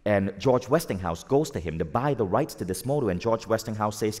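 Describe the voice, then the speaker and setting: A man giving a live motivational talk to an audience, energetic and asking the crowd questions. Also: fairly low pitch, brisk. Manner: energetic, asks the audience questions, acts out quoted voices. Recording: long hall reverb.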